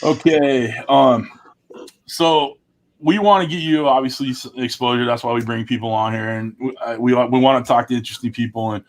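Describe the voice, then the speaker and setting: A man's voice: mid-range voice, steady tone, normal speed. A man hosting a casual live-stream chat, laid-back and self-deprecating, with casual swearing. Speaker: host.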